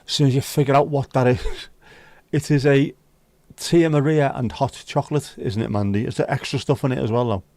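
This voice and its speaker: A man with a Scouse accent chats easily through a live stream, calling out viewers by name and joking about things going wrong. His voice sits at an ordinary middle pitch. The sound is close and dry, with no room around it. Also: fairly even intonation, moderate pace, warm tone, no room sound. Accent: Liverpool (Scouse). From Liverpool, England. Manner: chatty, greets viewers by name, banters and grumbles at his setup. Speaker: livestream host. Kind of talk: casual live-stream chat.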